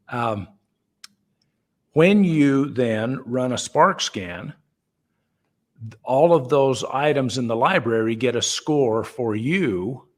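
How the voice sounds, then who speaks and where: A man at a middling pitch talks things through in a relaxed, chatty way on a call. He stops and restarts his sentences and leans on "uh" and "you know". He sounds like a founder explaining his product to listeners. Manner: easygoing and chatty, with frequent fillers and restarts; acts out everyday dialogue in the voices of the people in his examples. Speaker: company founder answering questions.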